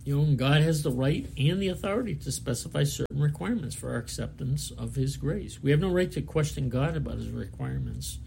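Gravelly man preaching through scripture. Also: fairly high pitch, lively intonation, a little fast, hardly any pauses, darkish tone, a little hiss or hum. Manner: earnest, plainspoken, with frequent restarts and "you know". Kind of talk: sermon, reading scripture and commenting verse by verse.

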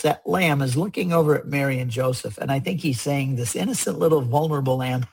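A man's voice: medium pitch, lively intonation, normal speed, few pauses, breathy edge, poor audio. A man explaining religious imagery in a conversation, earnest and emphatic, often repeating his key points. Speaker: guest speaker on religious art.

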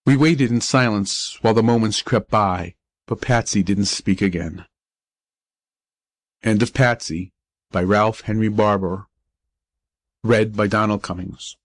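A man reading a short story aloud as an audiobook narrator, measured and even. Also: lowish voice, dry recording. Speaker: audiobook reader.

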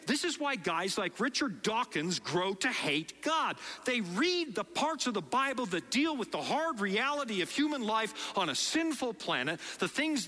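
Standing before a congregation in a large hall, a high-voiced middle-aged preacher from the Netherlands speaks with a Dutch accent, the room's size audible in the sound. His sermon is lively storytelling with acted-out quotes.

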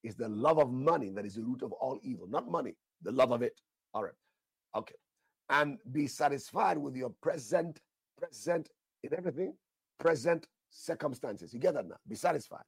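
A man's voice: mid-range voice, expressive, normal speed, creaky, slightly rough, no room sound, clean studio sound. A man preaching a sermon, emphatic, repeating his phrases and asking the listeners questions, with bursts of prayer in tongues.

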